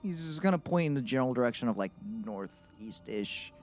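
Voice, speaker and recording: A man's voice: fairly quick, faint music behind. A man playing a tabletop game, speaking in character with lots of stammers and restarts. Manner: animated, stammering, swinging in pitch. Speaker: player. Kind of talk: in-character tabletop role-play.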